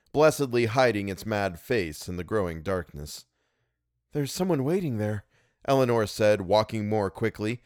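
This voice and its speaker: A man reads a novel aloud in an expressive, measured way. His pitch moves a lot from phrase to phrase. The recording is close and dry. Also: clean tone, dry recording. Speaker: audiobook reader. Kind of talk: scripted narration.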